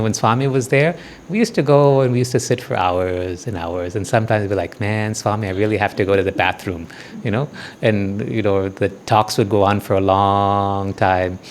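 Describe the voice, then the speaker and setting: Gentle man guiding a devotional meditation. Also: on the low side, slight background noise. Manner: gentle, often checks in with listeners with "okay?" and "yes?"; slow, soothing meditation guidance. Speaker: spiritual teacher. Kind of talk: devotional talk and guided meditation.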